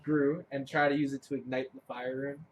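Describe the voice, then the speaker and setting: A man's voice: medium pitch, little pitch movement, fairly quick, lo-fi sound, slight background noise. A man playing a tabletop game, answering in short joking lines. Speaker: player. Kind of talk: casual tabletop play.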